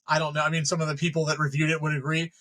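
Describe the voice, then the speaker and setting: A filmmaker being interviewed tells his stories with real animation and swears freely, acting out his own reactions as he goes. His voice sits a little high and rings bright. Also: little pitch movement, very fast, rough recording. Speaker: filmmaker guest. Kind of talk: casual storytelling.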